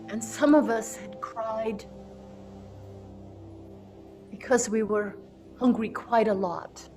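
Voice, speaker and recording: Female ceremony leader, gentle guided-meditation delivery, unhurried and half-whispered. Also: a little high, steady tone, faint music behind. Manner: soft, slow, drifting into whispers.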